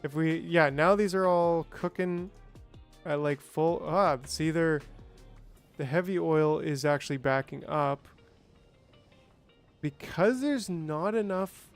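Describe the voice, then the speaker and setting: A man's voice: fairly high pitch, slow, long pauses, soft background music. A man streaming a game, chatting casually and thinking aloud, with playful sound effects. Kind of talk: casual gameplay livestream chat.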